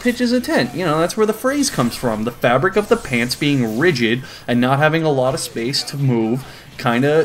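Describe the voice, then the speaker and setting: Crude, exasperated male comedian. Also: on the high side. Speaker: comedy host. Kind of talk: comedic commentary reading a comic.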